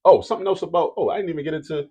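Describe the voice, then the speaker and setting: A man's voice: on the high side, rapid-fire, mellow, slightly rough. Casual, repetitive man teaching math. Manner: repeats key rules for emphasis, casual and direct. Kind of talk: explaining a math lesson to students.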